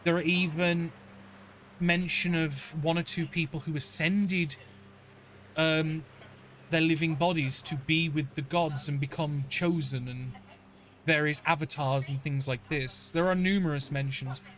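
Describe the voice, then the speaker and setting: A man running a tabletop game as dungeon master, his voice slightly higher than most men's. He rambles, restarts and fills with ums and likes. Faint noise sits under the recording. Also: fairly even intonation, a little slow, fairly bright tone. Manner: rambling, many fillers and restarts.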